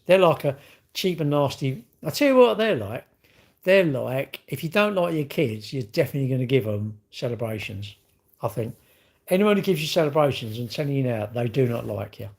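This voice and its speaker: A man's voice: medium pitch, creaky, darkish tone, husky. A middle-aged man, rambling through casual live-stream chat and answering viewers' comments with strong opinions. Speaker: livestream host.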